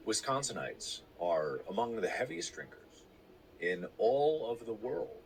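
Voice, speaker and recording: A man's voice: lowish voice, big pitch swings, measured pace, vocal fry, slight background noise, low-quality recording. A man co-hosting a casual podcast chat, riffing with sarcastic, playful jokes. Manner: joking, sarcastic, playful riffs. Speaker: podcast co-host.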